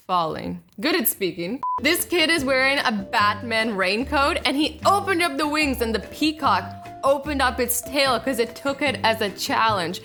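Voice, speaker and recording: A woman's voice: high-pitched, expressive, moderate pace, sharp tone, faint music behind. A young woman hosting a casual reaction video, chatty and bubbly, filling her talk with "like". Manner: bubbly, chatty, heavy use of "like". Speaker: YouTube reaction host.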